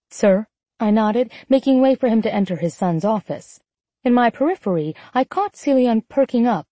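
A woman's voice: medium pitch, no echo. Woman reading first-person romance, sardonic. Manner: expressive, sardonic inner voice. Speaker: audiobook narrator.

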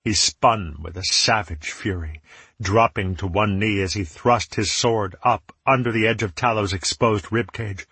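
A man narrating a first-person fantasy audiobook in steady, dramatic storytelling. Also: on the low side, a little slow, breathy edge, no room sound.

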